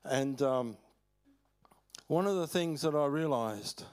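An older Australian man preaching a sermon, telling stories in a folksy way with chuckles and halting restarts. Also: mid-range voice, lively intonation, a little mellow, smooth, faint music behind. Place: church hall.

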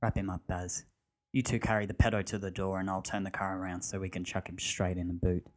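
A man reading a storybook figure: a ruthless adult male thug who talks flatly, with no emotion. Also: sits low, brisk, close to an everyday voice. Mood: quiet menace. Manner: flat, emotionless, matter-of-fact.

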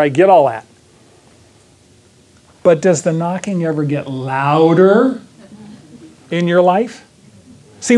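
A man teaching a Bible class in a sermon style, asking the room questions and acting out quick asides. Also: high voice, a little mellow.

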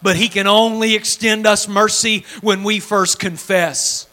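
A male pastor preaching to a congregation in a high, bright voice that carries. He swings from urgent, near-shouted pleas down to quiet, hushed confession, with folksy turns of phrase. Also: fairly even intonation, a little slow, few pauses. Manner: fervent preaching that swings from shouted pleading to low hushed tones. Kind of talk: sermon. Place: church sanctuary before a congregation.

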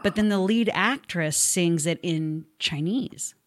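A woman's voice: lowish voice, slow pace. A woman hosting a podcast, chatting in an upbeat, casual way and wrapping up with easygoing swearing. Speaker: podcast host. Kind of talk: casual interview chat.

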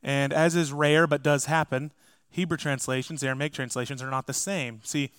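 A man's voice: mid-range voice, fairly even intonation, normal speed, a bit bright, clean tone, no room sound. A man preaching a sermon as pastor, emphatic and speaking straight to his congregation. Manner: emphatic, addresses the congregation directly.

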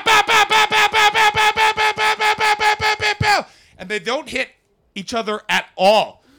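A man telling a comic story on a podcast, animated and breaking into loud impressions. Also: fairly high pitch, gravelly. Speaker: comedian and podcast host.

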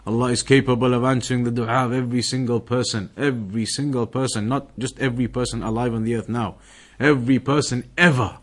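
A man gives a religious lesson in a mid-pitched voice. He teaches emphatically, circling back to each point and acting out everyday examples. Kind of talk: religious lesson explaining a text.

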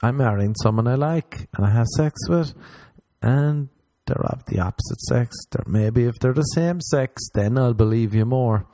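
A young Irish man rambling sardonically in a casual comedic monologue, jumping up in pitch when he acts out other people. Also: normal speed, dark tone, no echo. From Ireland.

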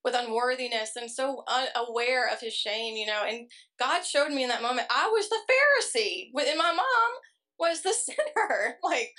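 A woman's voice: high-pitched, sing-song, bright, forceful tone. A woman giving an earnest, emotional personal testimony at a church service. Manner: earnest, emotional, quick storytelling. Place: church service before a congregation.

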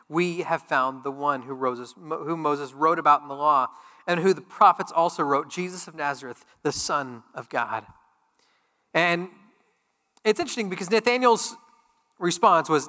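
A man preaching a sermon as pastor, speaking plainly and then rising to loud, emphatic peaks. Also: a little high, normal speed, in a large hall.

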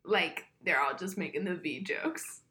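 A woman's voice: lowish voice, measured pace, pushed and bright. A woman co-hosting a podcast, gossiping casually and giggling, with lots of "like". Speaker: podcast co-host. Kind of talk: casual chat.

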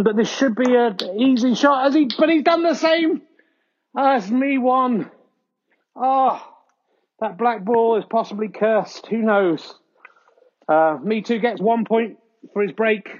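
A man hosting a comedy podcast, giving mock-earnest snooker commentary with frequent excited exclamations. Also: sits high, lo-fi sound. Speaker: host doing mock sports commentary.

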